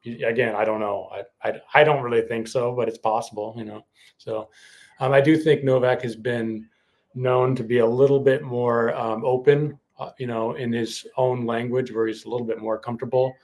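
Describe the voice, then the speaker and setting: A man's voice: medium pitch, fairly even intonation, moderate pace, a little mellow. A man co-hosting a podcast, speaking in a casual, hesitant way with many fillers. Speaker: podcast co-host. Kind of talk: casual chat.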